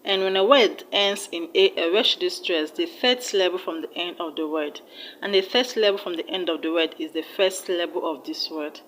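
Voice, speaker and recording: Patient Nigerian woman teaching, lowish voice. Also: a little fast, fairly bright tone, slight background noise, poor audio. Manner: patient, repeats each word and sounds it out by syllable. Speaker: English teacher. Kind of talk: online exam-prep lesson.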